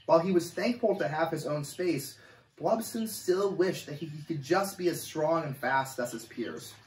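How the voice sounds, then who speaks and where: A man reading a chapter of a children's story aloud, with an animated, expressive delivery. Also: on the high side, normal speed, far from the mic. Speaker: camp coordinator reading a story. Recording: echoey room, voice off-mic.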